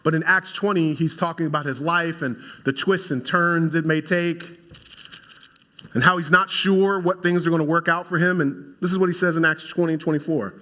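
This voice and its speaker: A man preaching a sermon with a bright, forceful tone and a fairly high voice. He speaks straight to the congregation, with a lively, animated delivery. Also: normal speed. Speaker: pastor.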